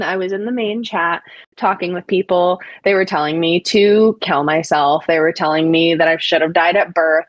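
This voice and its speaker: Blunt, foul-mouthed woman with a lowish voice. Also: no room sound, low-quality recording. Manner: blunt and profane, with frequent fillers. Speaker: stream guest. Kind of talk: casual storytelling on a live stream.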